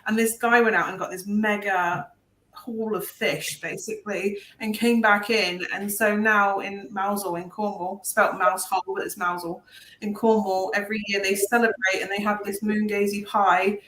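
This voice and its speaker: A woman's voice: mid-range voice, fairly even intonation, normal speed, fairly bright tone. A woman delivers a spiritual reading over a video call, rambling and reassuring as she goes. Her voice echoes in the room, with a faint hiss beneath it. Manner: meandering, earnest, reassuring. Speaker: intuitive reader.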